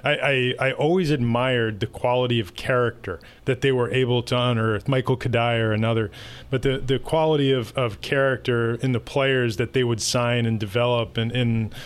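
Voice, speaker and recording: A man, a baseball team executive, answering interview questions in a relaxed, anecdotal way. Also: mid-range voice, normal speed, clean tone.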